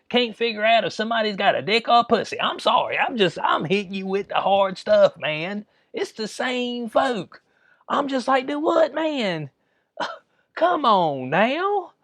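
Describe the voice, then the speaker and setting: A man's voice: on the high side, a bit bright, dry recording. A man hosting his own channel, ranting in casual slang with exasperated asides. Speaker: channel host. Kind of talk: ranting commentary vlog.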